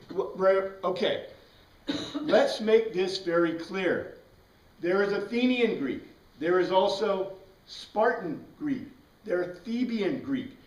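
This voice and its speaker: A man teaching a Bible class in a casual, conversational lecture style, often checking in with the class by asking "right?". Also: sits high. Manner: conversational, asks the class questions, frequent "right?". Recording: echoey room from a distance.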